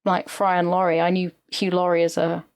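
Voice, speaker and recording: A woman's voice: lowish voice, fairly quick, no room sound, studio quality. A woman co-hosting a podcast, rambling through anecdotes in casual chat. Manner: rambling, animated storytelling with mock impressions. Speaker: podcast co-host.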